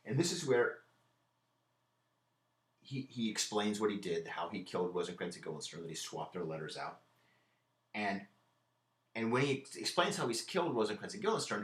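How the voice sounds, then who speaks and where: A man's voice: fairly low pitch, fairly bright tone, roomy sound. A man giving a casual literature lecture, retelling a play in everyday slang with many repeated words. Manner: casual, conversational, repeats words, paraphrases lines in modern slang. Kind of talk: classroom lecture. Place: lecture room.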